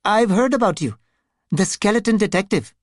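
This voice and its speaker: Lightly acting, a woman plays a nervous, scared man who sobs and stammers, her medium-pitched voice raised above her natural one. She's expressive at a normal speed, recorded clean and dry in a studio.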